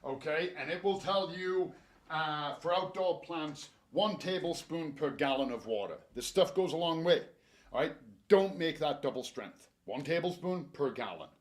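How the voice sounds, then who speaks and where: A man's voice: a little high, moderate pace. Garden store staffer, man, casual and jokey presenter. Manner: chatty, joking, animated advice.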